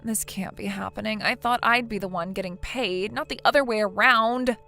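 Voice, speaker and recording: A woman's voice: mid-range voice, normal speed, bright, forceful tone, faint music behind. A woman voicing a self-pitying young wife in a text-message story, pleading and defensive. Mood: dejected.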